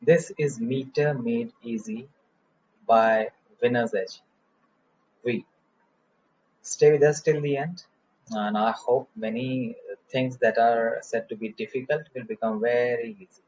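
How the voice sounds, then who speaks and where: A man teaching English poetry in a recorded lecture, explaining terms slowly and chanting verse lines in a measured rhythm. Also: medium pitch, fairly even intonation, a little mellow, low-quality recording.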